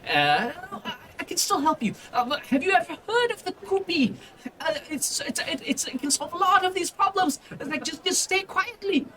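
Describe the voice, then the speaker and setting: A flustered wizard in a tabletop game pleads in a stammering, frantic rush, as a man puts him on. The voice sits far above a man's usual pitch and jumps around as he begs. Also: big pitch swings, moderate pace, bright, forceful tone, heavily acted. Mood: pleading.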